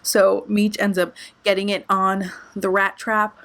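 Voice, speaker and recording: A young woman vlogger telling a storytime tale in a lively, expressive way, swearing freely. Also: medium pitch, measured pace. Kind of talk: storytime vlog.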